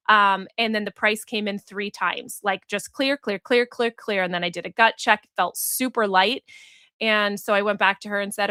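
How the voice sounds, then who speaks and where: A woman's voice: medium pitch, fairly even intonation, moderate pace, pushed and bright, no room sound. Earnest woman podcaster, dry close sound. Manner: earnest, reflective storytelling, acts out quoted voices. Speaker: podcast host and business coach. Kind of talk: solo podcast monologue.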